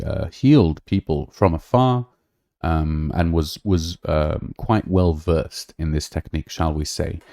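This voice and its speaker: Extremely low and dark, with vocal fry, the man's voice carries a casual, rambling livestream-style podcast full of fillers and restarts. He's the host, and the audio is clean studio sound without room sound.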